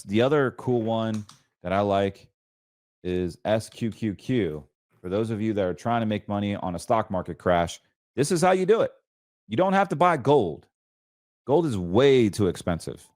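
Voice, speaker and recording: The voice is fairly low and darkish, captured with studio quality and no room sound, as a man hosts a financial show. He discusses trades in casual, chatty, emphatic commentary, tripping over words and correcting himself along the way.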